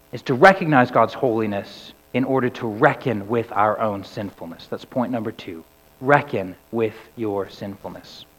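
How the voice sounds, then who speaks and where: A male preacher delivers a sermon in a church sanctuary, sinking to a hush on weighty words and rising to loud cries on scripture. The sound is muffled and a bit dull. A long reverb trails through the hall. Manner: rises to loud cries on quoted scripture, drops low and soft on key words. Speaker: pastor.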